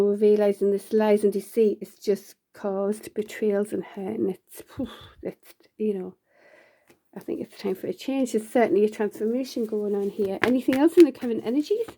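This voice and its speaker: A woman's voice: mid-range voice, warm tone. A woman giving a casual, rambling tarot reading, full of fillers and restarts. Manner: laughs often between lines. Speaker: tarot reader.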